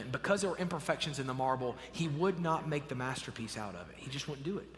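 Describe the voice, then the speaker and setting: Storytelling pastor in a reverberant sanctuary. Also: male voice, a little high. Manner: animated storyteller, swells louder and hushes for effect. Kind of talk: sermon storytelling. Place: church sanctuary.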